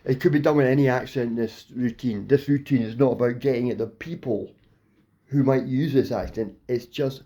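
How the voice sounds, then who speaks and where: Guy riffing daft puns at home, mid-pitch voice, dry mouth. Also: moderate pace, dark tone. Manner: playful, silly wordplay, slips into daft voices. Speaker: comedian. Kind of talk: rambling improvised comedy monologue.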